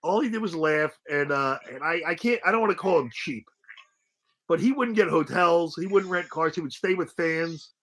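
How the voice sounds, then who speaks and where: High, bright-voiced man telling stories. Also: normal speed, rough recording. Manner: animated, laughs often, swears freely. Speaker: interview guest, former wrestler. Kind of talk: casual storytelling.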